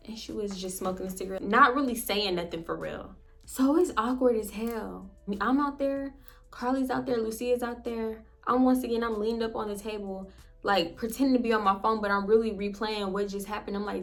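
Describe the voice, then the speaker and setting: A young woman, casually telling a story to her viewers and acting out her friends' lines in quick quotes. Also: mid-range voice. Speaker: storytime YouTuber.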